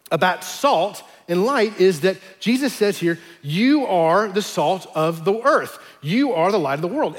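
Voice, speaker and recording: A man with a fairly high voice preaches a sermon in a relaxed, conversational way. He slows down and leans hard on the words he wants to stress. His voice carries a long reverb, as if in a large hall. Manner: conversational teaching with emphatic slowed stresses. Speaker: pastor.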